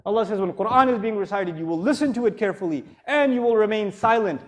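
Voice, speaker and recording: A man's voice: high voice, animated, quick pace. A middle-aged man giving a religious lecture to a live audience, conversational and joking, then rising into emphatic passages. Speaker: Islamic speaker.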